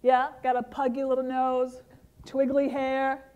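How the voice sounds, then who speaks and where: A middle-aged woman from the Caribbean giving a motivational keynote speech, lively and interactive, talking straight to the audience. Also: high-pitched, unhurried, smooth. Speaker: keynote speaker.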